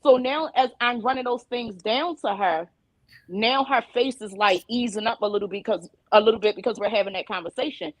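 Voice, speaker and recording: A woman on a casual panel discussion, telling a story about her daughter in an animated way and acting out the dialogue. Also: a little high, fairly quick, dry recording, low-quality recording. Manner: animated storyteller who acts out quoted dialogue. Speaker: panelist and mother.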